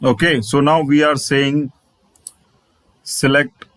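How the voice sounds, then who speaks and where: Male tutor, tutorial delivery, mid pitch, dry and close, restates every step. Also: flat delivery, slow, a bit bright, no room sound, rough recording. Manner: repetitive, restates phrases, spells out letters. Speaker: programming instructor. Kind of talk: screen-share coding tutorial.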